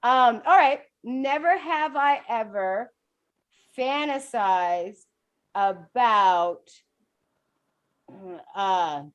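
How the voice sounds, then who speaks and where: A high, lively woman's voice full of bounce, co-hosting a loose group chat over a video call. She laughs readily and keeps things moving. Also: extremely slow, pauses often, dull audio. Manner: laughs often, animated. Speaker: co-host.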